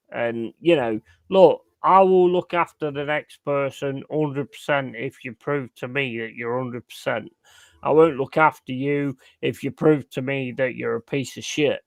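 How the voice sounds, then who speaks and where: A man's voice: mid-range voice, moderate pace, gravelly, no room sound. A man hosting a casual chat, blunt and swearing freely. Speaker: host.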